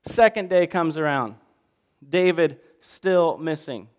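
A man preaching a lively, jokey story sermon, swinging between loud bursts and hushed asides. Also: a little high, slow pace, smooth, in a large hall. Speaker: pastor.

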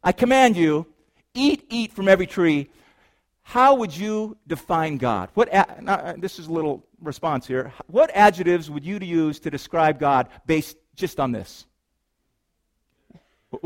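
A man with a high voice delivering a sermon to his congregation. He is playful and animated, dropping to a hush on serious lines and climbing into loud, excited exclamations. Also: unhurried. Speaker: pastor.

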